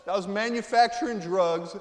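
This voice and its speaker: In an echoey church sanctuary with long reverb, a man from Florida, USA, preaches an emotional testimony as a guest. His voice is high and his pace normal, dropping to hushed tones and then rising to loud exclamations.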